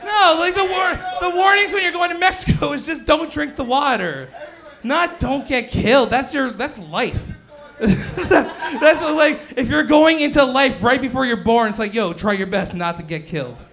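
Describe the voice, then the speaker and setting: Young male stand-up, very high voice, rowdy and crude, working the crowd. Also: a little slow, vocal fry. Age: 20s. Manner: loud, excitable, crude, bantering with the crowd. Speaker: stand-up comedian. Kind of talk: stand-up comedy set. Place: comedy club stage.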